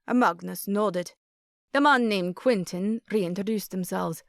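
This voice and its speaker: A woman narrating a romantic comedy audiobook in first person with steady, even storytelling. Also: medium pitch, unhurried, no room sound, studio quality.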